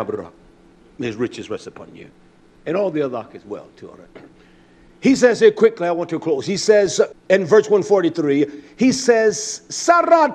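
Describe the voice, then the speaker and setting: A man preaching a sermon in an emphatic way, often repeating key words. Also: very high voice.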